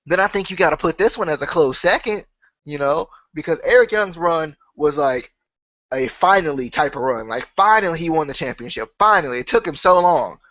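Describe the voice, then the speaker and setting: A man's voice: fairly high pitch, animated, moderate pace, a bit bright, dry recording, lo-fi sound. Sick-voiced man musing on wrestling. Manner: rambling, full of "right?" and "you know". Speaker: wrestling podcast host. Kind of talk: casual solo opinion talk.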